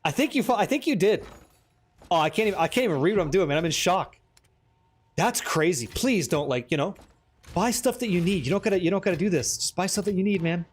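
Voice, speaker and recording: Dude streaming, pretty high voice, hyped and cussing, talking to chat nonstop. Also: male voice, fast talker, a little hiss or hum. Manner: excitable, profane, bantering with chat. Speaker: game streamer. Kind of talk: live gameplay commentary chatting with viewers.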